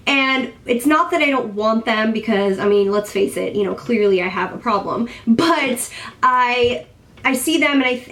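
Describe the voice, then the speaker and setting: A young woman in her twenties reviewing makeup in a casual, rambling, self-deprecating chat at home. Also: fairly high pitch. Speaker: beauty vlogger.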